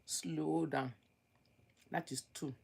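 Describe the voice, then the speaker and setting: A woman lectures her viewers in a fairly low voice, driving each point home and repeating it. She jumps from loud outbursts to quiet muttering. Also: fairly even intonation, slow, gravelly, husky. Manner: emphatic and preachy, repeats key phrases. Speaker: relationship advice vlogger. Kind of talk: lecturing advice monologue.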